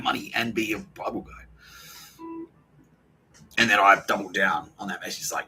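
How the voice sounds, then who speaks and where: A man's voice: lowish voice, steady tone, a little fast, long pauses, sharp tone, slight background noise, poor audio. An Australian man in a profane, rambling podcast monologue, acting out what other people said. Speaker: podcast host.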